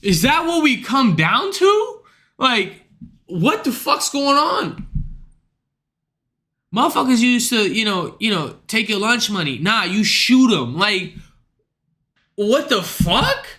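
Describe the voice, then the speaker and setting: A man's voice: high-pitched, sing-song, takes it slowly, long pauses, pushed and bright. A man streaming live and ranting to his chat in a casual, profane and exasperated way.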